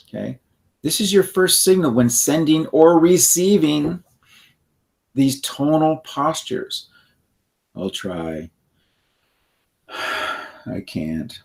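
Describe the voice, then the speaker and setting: A man's voice: medium pitch, creaky, a little mellow. Man co-hosting a self-help podcast. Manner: rambling, restarts, acts out example phrases. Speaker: podcast co-host. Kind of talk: conversational teaching.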